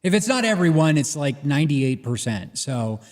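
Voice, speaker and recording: A man's voice: a little high, big pitch swings, moderate pace. A man co-hosting a casual political discussion, blunt and offhand, swearing freely. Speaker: podcast co-host.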